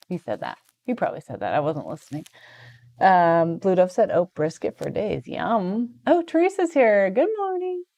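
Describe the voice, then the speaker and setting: A woman's voice: on the low side, creaky, darkish tone, lo-fi sound. An American woman co-hosting a casual live stream, chatting and reading viewer comments aloud with frequent laughs. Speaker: co-host of a company live stream.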